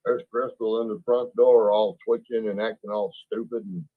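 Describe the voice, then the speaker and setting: A man's voice: on the low side, flat delivery, normal speed, no room sound. A man, a father bluntly recounting events, rambling with constant "you know" filler and some cussing. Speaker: father, interviewee. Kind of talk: casual recounting. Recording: tinny phone-like clip.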